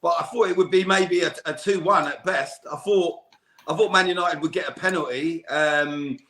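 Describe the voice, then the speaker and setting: Bright high-voiced man, echoey room. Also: moderate pace. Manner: jokey, laughing banter. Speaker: podcast guest. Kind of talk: casual football chat.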